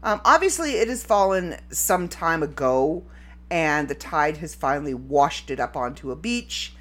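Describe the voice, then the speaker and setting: A woman's voice: sits low, animated, measured pace. A woman hosting a solo podcast in a rambling, giggly, casual way. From Canada. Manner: rambling and giggly, breaks into fits of laughter. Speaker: podcast host.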